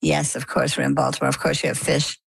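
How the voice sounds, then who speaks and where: Low, gravelly older woman telling a story. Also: flat delivery, fast, no echo. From coastal Maine. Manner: chatty, vivid retelling with quoted dialogue. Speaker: interview guest. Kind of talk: conversational storytelling.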